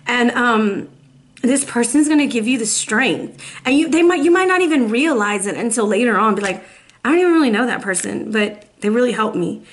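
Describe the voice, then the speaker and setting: Woman, tarot reader, casual, encouraging, emotional, fairly high pitch. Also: expressive, fairly quick. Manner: chatty, encouraging, calls viewers baby. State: emotional, close to tears. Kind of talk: casual tarot reading to camera.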